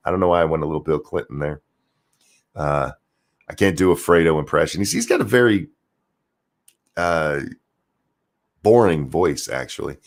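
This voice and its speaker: A man's voice: very deep voice, animated, normal speed. A man hosting a livestream, ranting profanely and sarcastically while reading chat comments. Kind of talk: political rant livestream.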